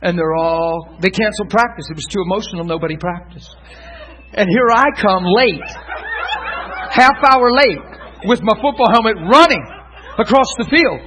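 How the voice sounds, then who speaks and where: A middle-aged man, a pastor, telling laughing stories in a sermon from the pulpit, dropping to a hush and then rising loud. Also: sits high, moderate pace, some chatter behind, low-quality recording. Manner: laughing, lively anecdotes, swings from hushed to loud. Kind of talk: sermon storytelling. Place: church pulpit.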